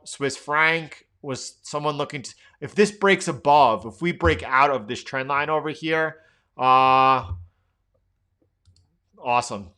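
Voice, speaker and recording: A man's voice: fairly high pitch, bright, forceful tone, clean tone. A middle-aged man hosting a live trading stream, thinking aloud through chart commentary with lots of fillers and restarts.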